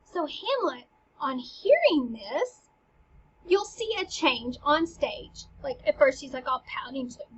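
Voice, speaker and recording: A woman's voice: sits high, big pitch swings, slow, muffled recording, slight background noise. Chatty young woman explaining a play. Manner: chatty, uses slang and "like" a lot. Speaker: literature teacher. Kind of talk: casual lesson.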